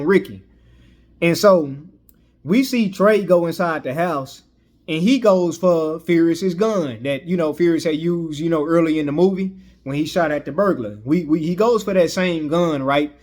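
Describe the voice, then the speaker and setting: A man's voice: a little high, darkish tone. Rambling man recapping a movie. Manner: rambling, frequent "you know" fillers and restarts. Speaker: movie reviewer.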